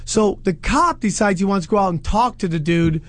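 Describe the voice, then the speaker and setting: A man casually telling a story on a podcast, animated and swearing a lot, acting out the voices of the people in it. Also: high-pitched, brisk. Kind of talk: casual chat.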